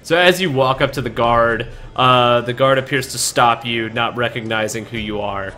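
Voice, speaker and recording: Halting man narrating as game master. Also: mid-range voice, bright, forceful tone. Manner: halting, full of restarts and fillers.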